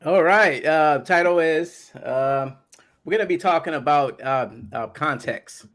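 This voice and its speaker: A man hosting a casual podcast, talking hesitantly with many pauses and fillers. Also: a little high, fairly bright tone. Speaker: podcast host.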